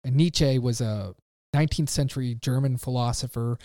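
A man, a pastor, talking casually on a podcast in a halting way with lots of fillers. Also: mid-range voice, warm tone, no room sound, clean studio sound. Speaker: pastor and podcast guest author.

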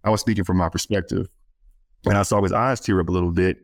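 Deep-voiced earnest man telling stories. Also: steady tone, quick pace, no room sound. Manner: earnest storyteller, many fillers and restarts. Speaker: guest speaker and author working with student athletes. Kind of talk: conversational podcast interview.

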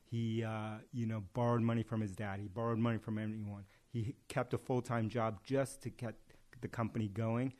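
Low-voiced man telling a parable. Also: flat delivery, moderate pace, darkish tone. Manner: tells parables with acted-out dialogue. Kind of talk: casual chat with storytelling.

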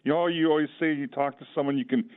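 A man with a fairly high voice chats on a radio money show, rambling and full of "uh"s. His voice comes through a tinny, phone-like line with a thin sound. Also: steady tone, fast, clean tone. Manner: rambling, many fillers. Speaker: financial advisor, show regular. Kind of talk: radio talk show chat.

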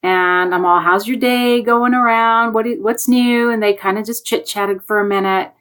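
A woman with a slightly high, smooth voice speaks at a moderate pace over a remote video call. She's an education guest on a panel, chattily telling a classroom story and animatedly acting out the voices of the people she quotes.

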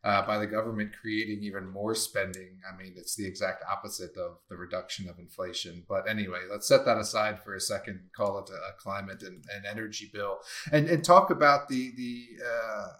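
Blunt low-voiced man in casual talk. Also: steady tone, brisk, hardly any pauses, sharp tone. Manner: blunt and opinionated, swears casually; thinks aloud in long run-on sentences. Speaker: podcast co-host. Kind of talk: casual podcast discussion.

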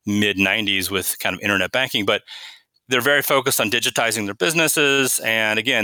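A middle-aged man, a company's chief product officer, answering interview questions in a measured, explanatory way and often restarting phrases. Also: on the low side, pushed and bright, no room sound.

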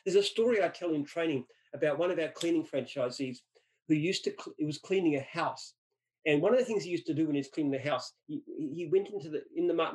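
A man's voice: a little high, darkish tone, low-quality recording. A middle-aged man from Australia answers interview questions with anecdotes. He speaks emphatically and repeats words when he restarts a sentence. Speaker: franchise founder.

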